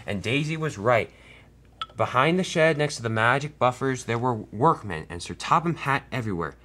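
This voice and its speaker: A man's voice: mid-range voice, expressive, moderate pace, pushed and bright. A man casually narrating a toy train story, loose and unscripted, with frequent restarts.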